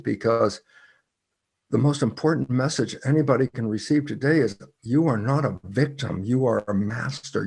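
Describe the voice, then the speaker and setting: A man's voice: mid-range voice, gravelly, a little mellow, husky. An older man, a guest biologist and author, telling stories emphatically with rhetorical questions. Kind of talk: animated storytelling in conversation.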